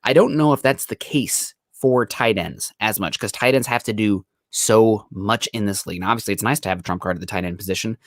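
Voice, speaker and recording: Young guy from iowa hosting a chat show, kinda low voice, lots of ums, dry close mic. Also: brisk, hardly any pauses, no echo. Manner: relaxed, filler-heavy rambling. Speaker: podcast host. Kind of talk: casual chat.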